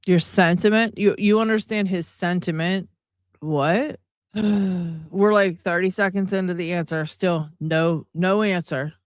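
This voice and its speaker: A woman's voice: lowish voice, fairly even intonation, a little slow, no echo, clean studio sound. A woman hosting a reaction video, talking to viewers with exasperated, sarcastic commentary. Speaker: commentary channel host.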